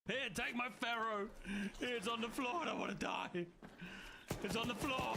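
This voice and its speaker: A man yelling callouts to his squad while gaming, swearing and laughing a lot. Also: extremely high pitch, moderate pace, music in the background. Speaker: gamer playing with a squad. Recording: clear game noise behind the voice.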